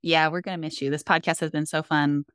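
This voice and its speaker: A young woman with a low, smooth, resonant voice, chatting upbeat on a podcast. She tells little stories with plenty of enthusiasm, recorded close and dry. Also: flat delivery, fast, a bit bright, no echo. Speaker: podcast co-host. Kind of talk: casual chat.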